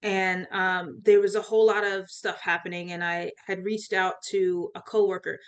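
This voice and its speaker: A woman's voice: on the low side, flat delivery, normal speed. A woman, a life coach, telling a personal faith story in an interview, laughing often and acting out quoted voices.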